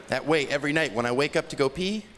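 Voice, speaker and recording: A man doing a stand-up routine, telling a story with animated delivery and acting out characters' voices. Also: on the high side, quick pace. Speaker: stand-up comedian. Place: comedy stage. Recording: echoey noisy live stage recording.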